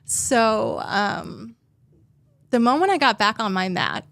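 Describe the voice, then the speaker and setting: A woman's voice: fairly high pitch, sing-song, takes it slowly, creaky, a bit bright, no echo. A young adult woman, a therapist and guest, telling a personal story in a heartfelt way, sometimes tearful and full of "like" fillers. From New Jersey.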